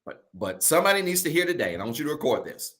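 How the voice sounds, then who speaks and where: A male pastor preaching a sermon to a virtual congregation from home, colloquial, often calling his listeners y'all, slowing down to stress key phrases and rushing through asides. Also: a little high, big pitch swings, a bit bright. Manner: preaching with slow emphatic stretches and quick asides.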